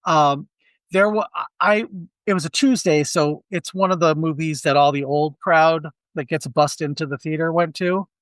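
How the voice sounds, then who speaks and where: A man with a slightly high, smooth voice speaks at normal speed on a casual movie review podcast he co-hosts, recorded dry. He tells animated stories, restarting frequently and performing the quotes.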